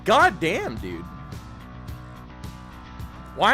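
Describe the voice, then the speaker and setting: A man's voice: sits high, sing-song, slow pace, sharp tone, soft background music. A young man chatting casually on a live game stream, rambling, self-critical and swearing often.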